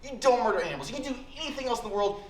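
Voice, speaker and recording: A man's voice: very high-pitched, expressive, rapid-fire, a little hiss or hum, voice pushed up. A young man voicing his angry mother, shrilly lecturing her son. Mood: scolding. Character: angry scolding mother, middle-aged woman. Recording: roomy hall echo.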